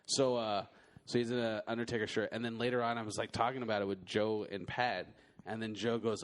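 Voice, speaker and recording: A man's voice: on the low side, fairly even intonation, a little fast. A young man co-hosting a podcast, telling crude jokes in casual chat and laughing often. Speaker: podcast co-host.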